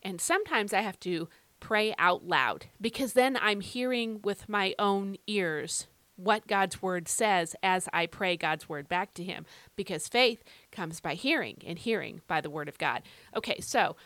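A woman's voice: mid-range voice, a little slow, a bit bright, no echo. A woman hosting a devotional podcast, reading scripture and teaching in an earnest, emphatic, conversational way.

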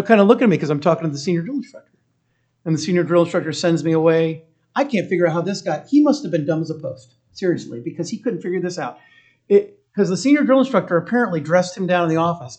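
A man's voice: a little high, darkish tone, husky. A man telling a personal story from boot camp in a conversational way, with restarts and quoted voices. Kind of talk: storytelling talk.

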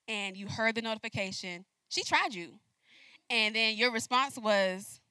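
A young adult woman giving a message, telling a personal story in an animated way and acting out the dialogue. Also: fairly high pitch, moderate pace, no room sound. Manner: animated, acts out dialogue with laughs. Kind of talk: storytelling sermon.

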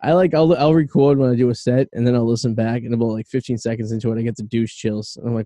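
A man's voice: medium pitch, steady tone, fast, mellow, no room sound. A man in his late thirties hosting a podcast, chatting casually and rambling a bit in a self-deprecating way, with lots of "you know" and "I mean". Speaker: podcast host. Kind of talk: casual chat.

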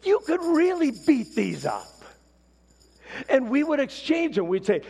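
A man preaching a sermon, telling a story with lively swings from hushed to shouted. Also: very high-pitched, a little slow, creaky. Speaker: pastor. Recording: long hall reverb.

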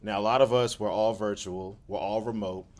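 Low-pitched man, earnest and emotional, casual heartfelt group chat. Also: steady tone, moderate pace, a little mellow. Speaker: support group co-founder. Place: hotel room with a group.

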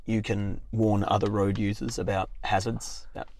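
A man's voice: on the low side, normal speed, slight background noise. A man, co-hosting a casual chat show and telling playful stories. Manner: lively, playful storyteller. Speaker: co-host.

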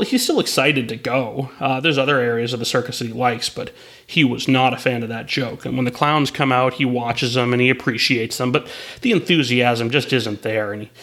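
A man's voice: mid-range voice, fairly bright tone. A man telling a long story in a rambling way, with restarts and asides. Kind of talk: spoken storytelling.

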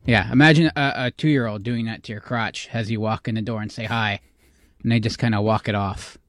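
A man's voice: lowish voice, fairly even intonation, fairly quick, no echo. A man co-hosting a podcast in casual chat, bantering easily and joking around. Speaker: podcast co-host.

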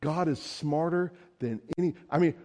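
Mellow, conversational preacher man. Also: fairly high pitch, moderate pace. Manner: conversational storytelling, casual asides. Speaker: pastor. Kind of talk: sermon.

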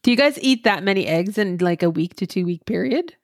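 A woman's voice: medium pitch, lively intonation, fairly quick, dry recording, studio quality. A woman from Canada co-hosting a podcast, teasing her co-host bluntly in casual chat and laughing easily.

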